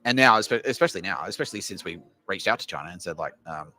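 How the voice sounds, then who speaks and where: Australian man, podcast host, crude rambling rant, low pitch, bright edge. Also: expressive, quick pace, few pauses. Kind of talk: ranting comedy monologue.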